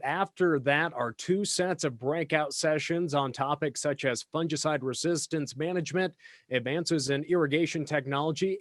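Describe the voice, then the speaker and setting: A man's voice: fairly high pitch, dry recording. Upbeat man hosting, dry close sound. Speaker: podcast host. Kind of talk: scripted event announcements.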